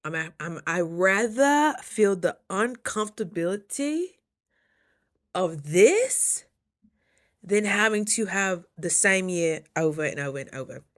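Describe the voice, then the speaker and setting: A young woman talking casually in a motivational vlog, chatty and animated, jumping high when she quotes people. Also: a little slow. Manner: chews while talking at times. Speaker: vlogger.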